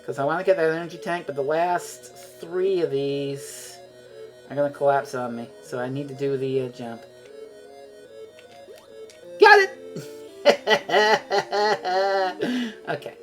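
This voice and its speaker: A woman with a low voice streams a video game, chatting casually at an unhurried pace. She rambles and swears freely, with faint music in the background.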